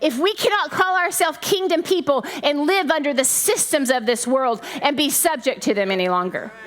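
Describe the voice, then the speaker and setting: A middle-aged woman preaching a sermon in a conversational, animated way with laughing asides. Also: sits high, moderate pace. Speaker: pastor's wife preaching.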